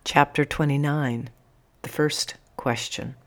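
A woman with a low voice reads a first-person audiobook. Her delivery is measured and emotional, as in careful storytelling. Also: fairly even intonation. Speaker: audiobook narrator.

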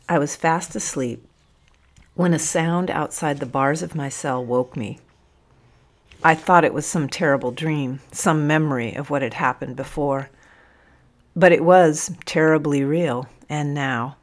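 A woman narrating a first-person story in a measured, reflective reading. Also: sits low.

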